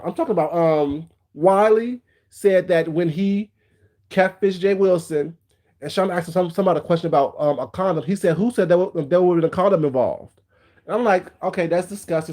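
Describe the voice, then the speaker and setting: Male livestream host with a slightly high voice, bluntly gossiping and shouting out viewers by name. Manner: blunt, gossipy, greets viewers mid-rant. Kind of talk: casual commentary livestream.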